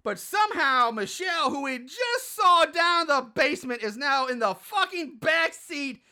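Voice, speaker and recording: Role: podcast host. Style: casual film recap. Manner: profane, animated, exasperated. Tone: bright, lively pitch. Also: unhurried.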